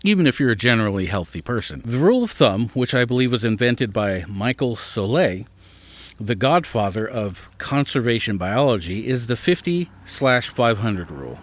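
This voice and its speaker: Animated and medium in pitch, a male podcast host reads an article aloud at a moderate pace, then drifts off to muse and stumbles over tough words. The recording is dry.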